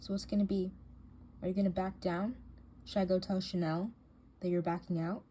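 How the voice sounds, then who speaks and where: A woman's voice: lowish voice, flat delivery, moderate pace, warm tone, natural voice. A woman voicing a bossy, scheming teen girl in a doll drama, cold and taunting, with faint hiss behind her.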